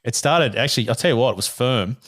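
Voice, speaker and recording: An Australian man in his thirties, a podcast host with a voice gone rough from illness, telling a story in casual chat and laughing through it. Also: medium pitch, animated, fast talker, fairly bright tone, no room sound, clean studio sound. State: hoarse from illness.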